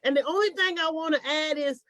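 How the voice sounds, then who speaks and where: A woman's voice: high-pitched, a little fast, a bit bright, no echo. A woman activist speaking emphatically and passionately in a podcast panel over a video call.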